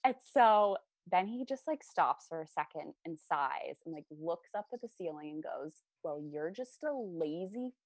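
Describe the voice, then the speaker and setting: A woman's voice: sits low, normal speed, creaky, hardly any pauses, no echo, clean studio sound. A young woman in her twenties, a podcast guest, telling a story in casual chat, laughing often and acting out the lines she quotes.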